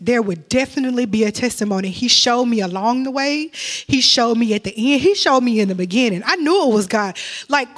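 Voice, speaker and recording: A young woman giving an emotional testimony in church, telling her story with sudden high exclamations. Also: a bit bright.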